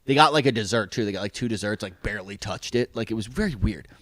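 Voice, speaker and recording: Animated man telling a story. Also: lowish voice, quick pace, no room sound. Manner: animated, profane, acts out other people's lines. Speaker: podcast co-host. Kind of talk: casual storytelling chat.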